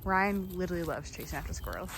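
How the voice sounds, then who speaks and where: Outdoors in a park, a young woman vlogs a child's nature walk, narrating casually to viewers in a chatty, upbeat way with frequent laughter. Her low-ish voice is fast and creaky with big pitch swings, and background noise is heavy.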